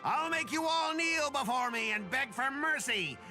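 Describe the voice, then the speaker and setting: An actor playing a bitter, boastful corporate lackey who blusters and gloats. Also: male voice, very high voice, animated, unhurried, over music. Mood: gloating. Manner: blustering, gloating, prone to yelling rants. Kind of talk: game voice acting.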